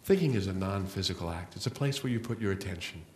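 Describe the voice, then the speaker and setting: As a guest speaker in a church hall, a middle-aged man gives an inspirational spiritual talk, telling stories with slow, emphatic rises and drops. His voice is low, expressive, and darkish, with a roomy hall echo around it.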